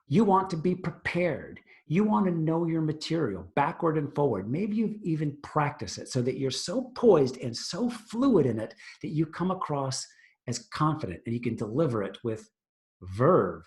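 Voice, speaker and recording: A man teaching a tutorial on presentation skills, emphatic and animated, swinging between loud and hushed delivery. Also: mid-range voice. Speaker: presentation coach.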